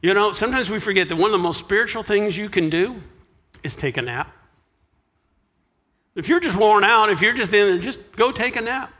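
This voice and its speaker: A man preaching a sermon as pastor, animated, dropping to a hush for quiet lines. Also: sits high, moderate pace, long pauses, long reverb tail. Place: church sanctuary.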